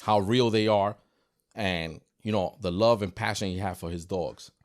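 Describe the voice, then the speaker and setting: A man working as a dog trainer, chatting on a podcast and telling lively stories that act out dogs and people. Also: fairly low pitch, normal speed, no echo, clean studio sound. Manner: animated storyteller, acts out dogs and people. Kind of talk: casual podcast chat.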